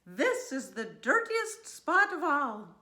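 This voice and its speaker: A woman's voice: fairly high pitch, very animated, slow pace, fairly bright tone, reverberant, pitched above the performer's own voice, full character voice. A woman playing a fussy farm wife.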